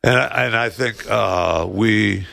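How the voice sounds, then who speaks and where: A man talks in a loose, rambling way and drifts off in the middle of his thoughts. His voice is heavily gravelly, with a bright, forceful edge. The sound is dry and close, as he tosses out sarcastic remarks in relaxed conversation. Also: lowish voice, slow pace, no room sound. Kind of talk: casual political chat.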